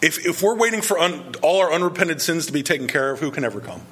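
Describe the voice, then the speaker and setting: High, bright-voiced male preacher. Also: lively intonation, fast talker, slight background noise. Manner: earnest and emphatic, repeats rhetorical questions. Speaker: pastor. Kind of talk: sermon.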